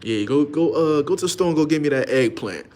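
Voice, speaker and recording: An offhand, dismissive woman waves off her partner in a raised, airy pitch, with a man voicing her. She speaks with casual indifference, and a faint hiss sits in the background. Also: lively intonation, a little fast, a little mellow, close to an everyday voice.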